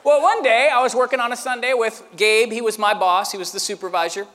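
A man with a very high, bright voice preaching a sermon, rolling into a lively story he acts out with sound effects. His words ring with a long reverb, as if in a big hall. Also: a little fast. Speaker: pastor.

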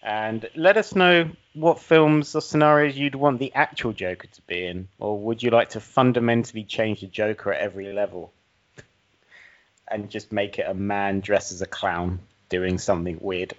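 A man's voice: lowish voice, fairly even intonation, moderate pace, lo-fi sound. A man hosting a podcast, bantering in a dry, sceptical way and wrapping up the episode. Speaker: podcast host. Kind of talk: casual chat.

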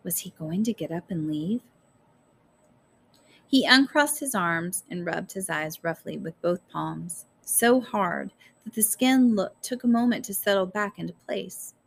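A woman narrating a story aloud in a measured, careful storytelling manner. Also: lowish voice, expressive, creaky, slightly rough. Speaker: audiobook narrator. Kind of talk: scripted narration.

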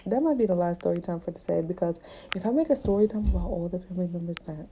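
A woman's voice: lowish voice, quick pace, dark tone, slight background noise. A young woman telling a personal story in a candid, emotional way, talking casually with blunt slang and plenty of fillers.

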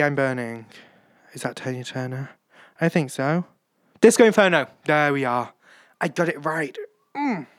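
This clean, dry studio recording captures a fairly bright, medium-pitched voice. The speaker, a British podcaster in their late teens, wanders chattily through a relaxed solo catch-up, often poking fun at themselves.

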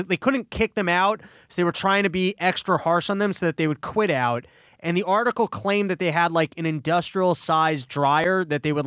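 A man's voice: a little high, fairly bright tone, clear, resonant tone, no echo, clean studio sound. A man co-hosting a podcast, telling stories and joking in a loose, profane way. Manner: joking, profane, quick storytelling. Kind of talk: casual podcast banter.

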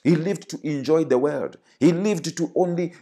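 A man's voice: on the high side, normal speed, mellow, breathy edge. A man preaching a fervent sermon, repeating phrases and calling out to the congregation. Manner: fervent, repetitive calls to the congregation.

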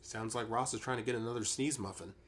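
A woman's voice: extremely low pitch, fast. A woman co-hosting a podcast, adding wry, jokey quips to a casual episode recap. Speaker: podcast co-host.

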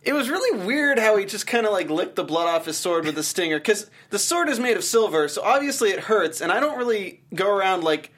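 A man's voice: sits high, very animated, a little fast, few pauses, a bit bright. A man co-hosting a TV after-show, chatting casually and joking while recapping an episode.

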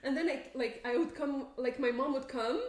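A woman's voice: sits high, moderate pace. A young woman co-hosting a podcast, telling stories in casual chat and acting out what people said to her. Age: young adult. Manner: animated storytelling, acts out quoted people with laughter. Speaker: podcast co-host. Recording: roomy echo.

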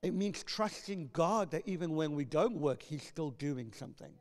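Brief: male pastor, high voice, passionate sermon, reverberant church hall. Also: animated, moderate pace. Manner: impassioned preaching, rising to loud proclamations when reading scripture.

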